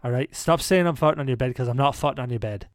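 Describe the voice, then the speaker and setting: A man's voice: medium pitch, fast talker, no echo. A man hosting a podcast, telling a story casually, laughing often and repeating words as he restarts his sentences. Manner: laughs often, stumbles and repeats words when starting a thought. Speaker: podcast host.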